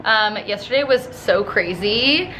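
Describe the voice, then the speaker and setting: A woman's voice: medium pitch, animated, unhurried, noisy background. A woman in her twenties, talking to camera in a casual vlog from her apartment, bubbly and chatty with lots of fillers. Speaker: vlogger and brand founder.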